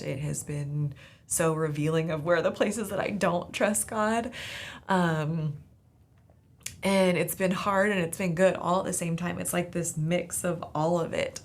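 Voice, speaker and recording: A woman's voice: sits low, gravelly. A woman from Southern California, a podcast host, telling an earnest faith testimony in a casual, searching way. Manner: casual, earnest, many "like" fillers.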